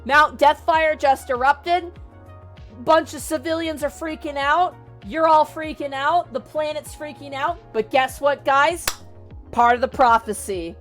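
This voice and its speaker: A woman voicing an unhinged, zealous male warrior-priest who makes booming, overexcited proclamations. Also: animated, a little slow, a bit bright, faint music behind. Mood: manic.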